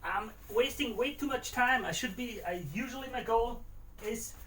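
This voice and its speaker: High voiced guy, cooking and rambling on a live stream in his kitchen. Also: moderate pace, fairly bright tone, slight background noise. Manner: chatty, thinking aloud while cooking, moving around the kitchen. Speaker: stream host cooking a stew. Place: home kitchen.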